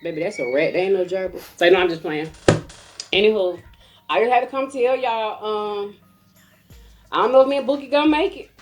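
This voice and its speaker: A woman, a mother, telling a comic story in a casual rant, animated and acting out other people's voices. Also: medium pitch, a little fast, pauses often, soft background music.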